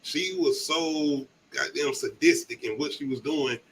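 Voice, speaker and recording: A man's voice: a little high, unhurried, a bit bright, slight background noise. A man from the American South co-hosting a movie review, talking in loose, profane, laughing banter. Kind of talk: casual chat.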